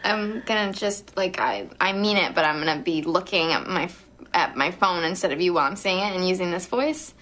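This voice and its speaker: A woman's voice: on the low side, fairly quick, a bit bright, slight background noise, lightly acted. An actress playing a hesitant, giggly young woman in her twenties, in naturalistic improvised film dialogue. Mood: flustered. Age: 20s.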